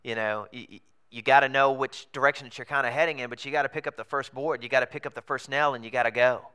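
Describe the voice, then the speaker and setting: A man preaching in a relaxed, storytelling way, his voice bright and forceful. His delivery is smooth and crisp, loose and chatty, with fillers and chuckles. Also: medium pitch, fast talker. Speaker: pastor planting a church. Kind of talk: conversational sermon storytelling. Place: theater in a comedy club.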